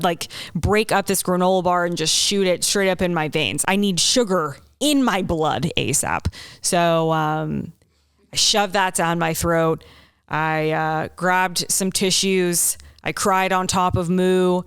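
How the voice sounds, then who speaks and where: A young woman hosts a podcast and tells a personal story at an unhurried pace, candid and rambling, with plenty of swearing. Her voice comes through very clear and smooth, and the recording is dry and close with no room sound. Her pitch sits a little low for a woman. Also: no echo. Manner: candid, rambling, swears freely, acts out her own thoughts. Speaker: podcast host.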